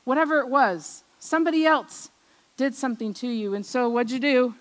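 A middle-aged woman preaching a personal testimony, telling stories from her childhood, acting out the voices she remembers and often trailing off softly. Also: high voice, normal speed, rough recording. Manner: storytelling, acts out remembered voices, drops soft at ends of lines. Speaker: speaker at a church service.

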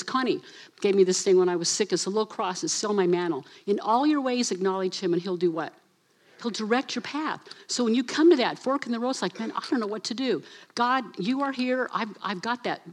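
A woman delivering a casual, energetic sermon to her congregation. She slips into little voices to act out her stories and speaks straight to the crowd. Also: medium pitch. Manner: animated, acts out voices, addresses assistant for slides. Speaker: preacher. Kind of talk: lively sermon.

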